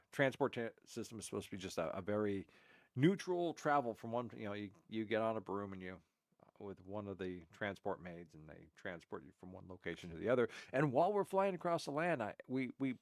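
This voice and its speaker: A man's voice: mid-range voice, vocal fry, no room sound, clean studio sound. A man reacting to a game stream, telling rambling stories with many restarts and fillers. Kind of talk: casual reaction commentary.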